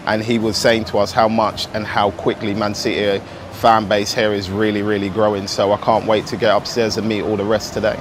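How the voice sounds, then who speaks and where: A man's voice: fairly low pitch, background noise. A man giving an upbeat, chatty on-location report back to the studio from outdoors at an event abroad. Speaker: club ambassador reporting on location.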